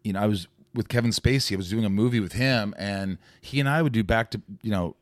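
A man chatting as a podcast guest, telling animated stories. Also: on the low side, fast, no room sound, clean studio sound. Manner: animated storyteller who slips into celebrity impressions. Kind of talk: casual chat with impressions.

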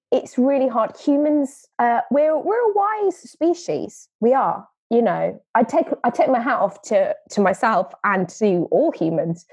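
A woman's voice: a little high, darkish tone, no echo, full character voice. A woman playing a blunt, unapologetic nature-trust spokeswoman in a scripted comedy podcast interview, rambling as she defends herself.

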